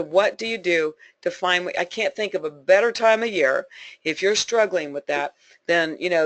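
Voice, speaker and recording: A woman leading a sales team gives a motivational talk on a conference call, speaking in a voice on the low side with no room sound. She's folksy and emphatic, repeating her points for emphasis and laughing often.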